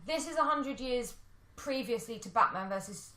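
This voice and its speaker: A woman's voice: fairly high pitch, lively intonation, normal speed, a crowd in the background. A woman chatting casually about films as a podcast co-host, thinking aloud and apologising for rambling. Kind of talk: casual film chat. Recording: echoey room.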